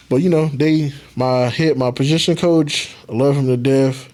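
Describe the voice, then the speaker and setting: Relaxed male podcast guest, former football player, loose storytelling. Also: mid-range voice, normal speed. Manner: laid-back, swears casually, acts out quotes. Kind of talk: casual storytelling.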